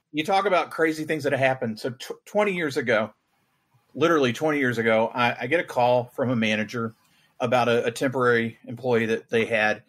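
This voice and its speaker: A man's voice: mid-range voice, quick pace, a bit bright, slight background noise. A man co-hosting a podcast, telling stories in casual chat and laughing through the punchlines. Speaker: podcast co-host.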